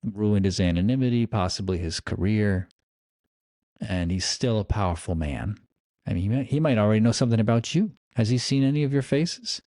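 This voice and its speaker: A weary, cigar-chomping noir detective, put on by a man speaks bluntly and cautiously in a tabletop game. His voice sits low and close, with no room sound at all. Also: expressive, a little fast, dark tone, dry recording. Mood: wary.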